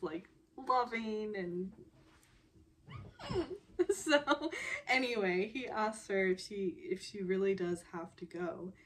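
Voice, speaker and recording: A woman's voice: mid-range voice, a little hiss or hum. A woman casually recapping a TV drama episode, rambling and laughing often as she talks.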